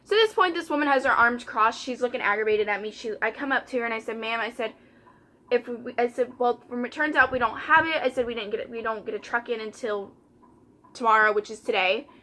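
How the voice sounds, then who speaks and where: A woman's voice: on the high side, brisk, sharp tone. A young woman, chatting casually while doing her makeup and retelling a story by quoting customers and coworkers. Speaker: vlogger.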